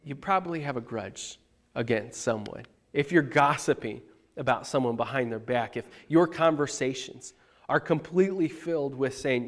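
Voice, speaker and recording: A man, the pastor, giving a conversational sermon, animated and emphatic, talking straight to his congregation. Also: mid-range voice, moderate pace.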